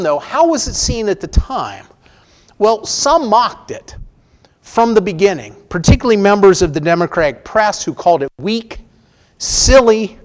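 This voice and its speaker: A man giving a history talk to an audience, informal and self-correcting, who then reads a famous speech aloud with rising emphasis. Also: high voice. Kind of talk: public lecture with a read-aloud speech. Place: lecture room with an audience.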